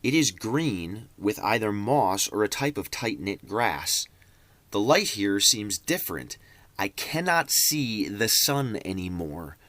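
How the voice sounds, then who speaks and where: Guy reading a diary out loud, lowish voice that swings all over, dry close sound. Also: dry recording. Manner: theatrical, reads out punctuation aloud. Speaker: reader.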